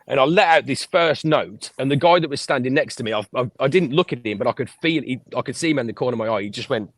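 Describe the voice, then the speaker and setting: A man's voice: mid-range voice, fast talker, dry recording. Man telling stories, dry sound. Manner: lively anecdotal storyteller, swears freely. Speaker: podcast guest. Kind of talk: casual storytelling interview.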